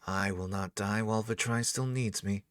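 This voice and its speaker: A man's voice: fairly low pitch, fairly even intonation, normal speed, no room sound, studio quality, far from the mic, voice pushed up, natural voice. A man voicing a haughty woman court wizard who speaks in a steadily superior drawl. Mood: cool defiance.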